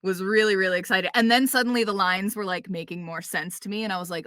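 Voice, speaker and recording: A woman voice actor, a guest on a podcast, chatting casually and telling quick anecdotes with playful quoted asides and lots of "like" and "um". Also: mid-range voice, bright, forceful tone, no echo, studio quality. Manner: frequent fillers like "like" and "um".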